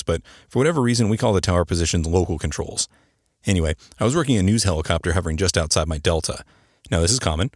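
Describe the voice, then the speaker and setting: Fast-talking deep-voiced man hosting a podcast. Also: no echo, clean studio sound. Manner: chatty, joking, explains terms to listeners. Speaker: podcast host, air traffic controller. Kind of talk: casual podcast monologue.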